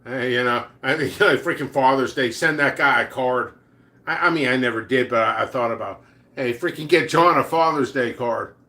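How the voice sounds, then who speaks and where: A man's voice: medium pitch, normal speed, bright, forceful tone. A middle-aged man who hosts a pepper seed channel, casually telling rambling, profane workplace prank stories, stammering and laughing as he goes. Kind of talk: casual storytelling vlog.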